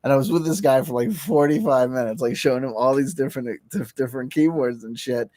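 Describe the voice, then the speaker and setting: A man's voice: medium pitch, quick pace, a little mellow, no room sound. A man casually telling a rambling, profane story on a livestream, full of restarts and fillers and laughing as he goes. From New Jersey. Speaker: livestream host.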